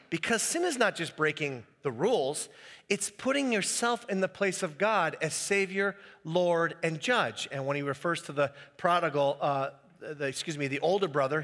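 A man preaching a sermon as pastor, animated and acting out the quoted voices. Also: high voice, big-room sound.

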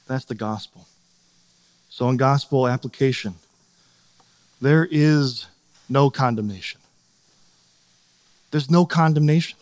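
A man's voice: mid-range voice, a little slow, pauses often. Earnest male pastor preaching in a hall. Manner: earnest, animated, acts out quoted voices. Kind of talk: sermon.

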